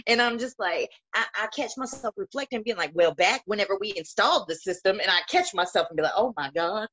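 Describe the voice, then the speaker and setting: A woman in her thirties hosting a podcast in casual, profane, animated chat, with loud laughs. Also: medium pitch, fast, slightly rough. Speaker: podcast host. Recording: dull lo-fi audio.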